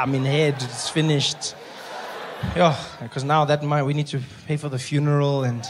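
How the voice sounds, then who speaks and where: A man telling a stand-up story, animated and acting out scenes. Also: medium pitch, background noise. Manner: animated, fast, acts out scenes. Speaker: stand-up comedian.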